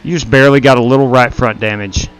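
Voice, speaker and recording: A man's voice: medium pitch, steady tone, quick pace, clean tone. Candid male sim-racing stream host. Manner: candid, self-blaming, talks as he rewinds replays. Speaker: stream host and league race director. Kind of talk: casual live race commentary.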